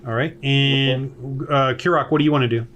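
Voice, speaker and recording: A man running a tabletop game as game master, relaxed and hesitant, with many fillers, talking over a home computer mic on a voice call. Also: mid-range voice, normal speed, a little hiss or hum.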